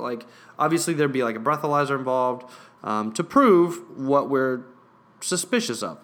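A man's voice: mid-range voice, fairly bright tone. A young man casually telling a profane, rambling workplace story to his viewers. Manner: profane, rambling, acts out quotes. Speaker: hotel worker telling a story.

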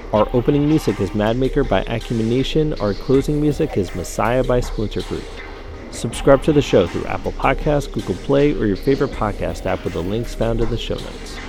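Guy reading podcast credits, kinda gravelly, music playing under him. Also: medium pitch, normal speed. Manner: steady announcer read. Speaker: podcast host. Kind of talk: scripted show outro.

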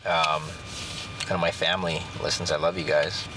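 A man in his thirties hosting a casual faith podcast, talking in halting bursts with restarts and slowed, drawn-out emphasis. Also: a bass voice, level tone, heavy background noise. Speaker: podcast host. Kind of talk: casual devotional podcast talk.

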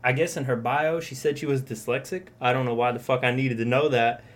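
A man's voice: mid-range voice, steady tone, fairly quick. A young man co-hosting a casual chat, rambling and profane, acting out quoted lines as he tells stories. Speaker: podcast co-host.

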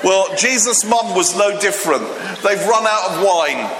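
A man's voice: high voice, lively intonation, normal speed, a bit bright. A man preaching a humorous, chatty sermon, joking with the congregation and using many fillers. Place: church hall. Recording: echoey hall with long reverb.

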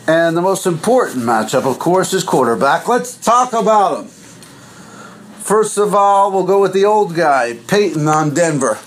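A man's voice: expressive, unhurried, a little hiss or hum. Goofy rambling male podcast host. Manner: loose, goofy, swoops up and down in pitch. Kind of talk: casual rambling monologue.

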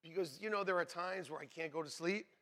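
Animated joking male pastor, bright voice. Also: on the high side, fast talker. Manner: joking, animated storytelling with laughs. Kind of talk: sermon. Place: church sanctuary.

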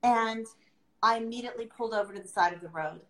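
A middle-aged woman speaks with a fairly high voice, earnest and emphatic, and she comes back to her key phrases to press them home. Her talk sounds like a heartfelt podcast conversation. The room is echoey around her. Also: quick pace, a bit bright. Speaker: guest.

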